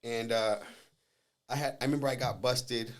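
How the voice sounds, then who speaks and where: A man guest on a podcast, telling rough street stories in a casual, profane, animated way and acting out the voices of the people in them. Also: mid-range voice, normal speed. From Southern California. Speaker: podcast guest, jiu-jitsu instructor. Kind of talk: casual storytelling. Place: podcast studio.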